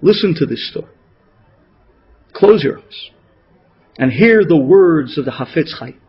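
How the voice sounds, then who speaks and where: A man, a rabbi, delivering a sermon as an emotional story, with a dramatic delivery that swings between loud peaks and hushed moments. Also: fairly high pitch, expressive, a little slow, long pauses, breathy edge. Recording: dull lo-fi radio recording.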